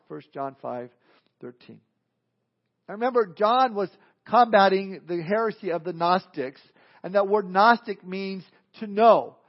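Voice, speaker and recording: High-voiced male pastor preaching. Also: lively intonation, measured pace. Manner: folksy, joking storyteller. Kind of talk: sermon. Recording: dull lo-fi recording.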